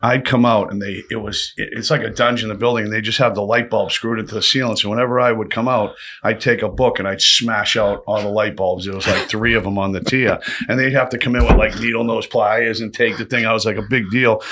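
A man telling rough prison stories in a casual, profane, animated way, acting out the voices. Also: on the low side, fairly quick, hardly any pauses. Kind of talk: casual storytelling chat.

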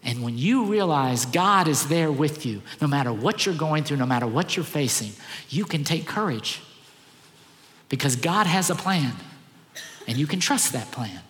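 A man's voice: fairly high pitch, expressive, normal speed, fairly bright tone, in a large hall. A man preaching a sermon as pastor, earnest and emphatic, repeating key phrases.

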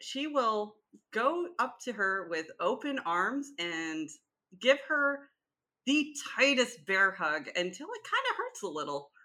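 A woman playing a tabletop game, chatting casually and laughing often. Her voice swoops lively up and down with a bright edge. She takes her time over her words. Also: a little high, takes it slowly. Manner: giggly, lively. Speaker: player.

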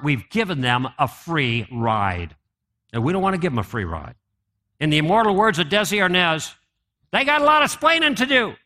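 Lively, bright-voiced man giving a talk. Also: fairly high pitch. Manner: animated, conversational, asks the audience questions. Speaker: apologetics speaker. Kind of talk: live conference talk.

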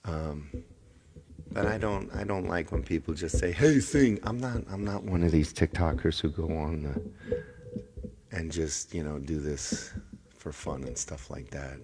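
A middle-aged man with a deep, low voice hosts and sings on a casual livestream, chatting with viewers at a steady tone and measured pace over background noise. He stumbles and restarts often, and wags a mock-stern finger at anyone shouting out requests.

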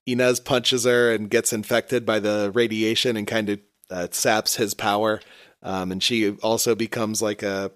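A man's voice: lowish voice, flat delivery, moderate pace, fairly bright tone, dry recording, clean studio sound. A man in casual chat, joking crudely and laughing while he recaps a comic. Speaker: comic review podcast co-host.

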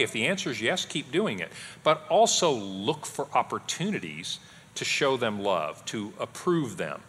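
A middle-aged man teaches parents in a church hall, his husky voice bright and full of swings in pitch. He talks conversationally and breaks into playful quotes of his kids and wife. A long hall reverb trails behind him. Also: big pitch swings, normal speed. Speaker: pastor co-teaching a parenting class.

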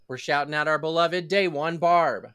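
A woman hosting a podcast in casual chat, playful and quick to laugh, close on a studio microphone. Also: deep voice, a bit bright, clear, resonant tone, no echo. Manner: giggly, playful. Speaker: podcast host.

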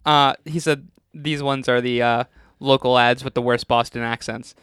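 A man's voice: mid-range voice, steady tone, moderate pace, fairly bright tone, clean tone, no echo, clean studio sound. A man co-hosting a casual podcast, reading a donor's list aloud and laughing along. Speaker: podcast co-host.

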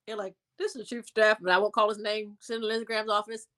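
A woman telling a story in a casual interview, animated and acting out the voices of people she quotes. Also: mid-range voice, rapid-fire. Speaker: interview guest.

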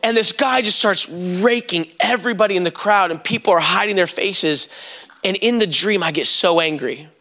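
Man preacher, bright and forceful, fairly high voice, storytelling sermon to the congregation. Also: moderate pace. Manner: storytelling, addresses the congregation directly.

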